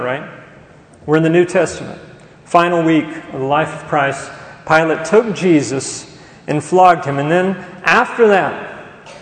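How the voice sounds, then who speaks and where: A man's voice: a little high, creaky. A man preaching a sermon as pastor, emphatic and asking the congregation questions as he goes. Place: church sanctuary. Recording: echoey church hall.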